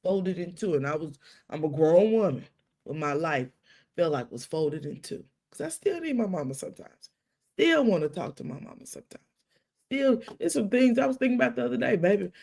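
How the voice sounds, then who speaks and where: A middle-aged woman hosting a live stream, telling stories with quoted dialogue and hushed asides. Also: fairly low pitch, brisk, vocal fry. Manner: animated storytelling with quoted dialogue and dramatic hushes. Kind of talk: casual live-stream talk.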